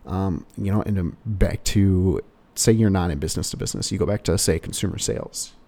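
Man, salesman giving sales tips, low-ish voice, mellow, rambling with lots of fillers. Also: brisk, vocal fry. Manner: rambling, full of "you know" fillers. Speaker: car salesperson. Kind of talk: casual sales advice monologue.

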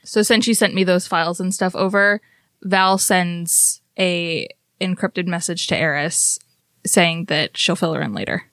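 A woman's voice: lowish voice, a little slow, a bit bright, no room sound, studio quality. A woman player in a tabletop game, describing her character's actions casually.

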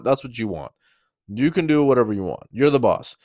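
A man's voice: mid-range voice, very animated, fast, a little mellow, no room sound, studio quality. A young man hosting a podcast, telling a work story in a rambling, casual way, swearing often and correcting himself mid-sentence. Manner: rambling, profane, restarts and self-corrections. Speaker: podcast host. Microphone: mouth-close microphone.

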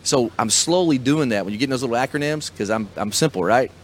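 A man's voice: medium pitch, lively intonation, fast talker. A middle-aged man hosting a podcast as a small business coach, talking in an enthusiastic, motivational way. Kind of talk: casual chat.

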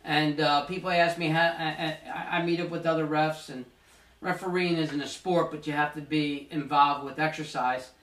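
A man's voice: a little high, fairly even intonation, normal speed, a bit bright, recorded from a distance. A man hosting a casual Christian youth podcast, earnest and a bit preachy, often repeating himself. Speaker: podcast host. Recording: roomy echo, off-mic.

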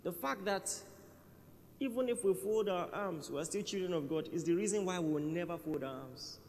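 A pastor preaches a sermon in a church hall, conversational and emphatic, often repeating his key phrases. His voice is high-pitched with a darkish tone at normal speed. The reverberant hall carries faint ambience, plus a little hiss or hum.

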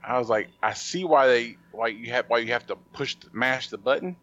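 A man's voice: medium pitch, brisk, fairly bright tone, lo-fi sound. A man hosting a podcast, talking in a casual, rambling way with lots of fillers and restarts. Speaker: podcast host.

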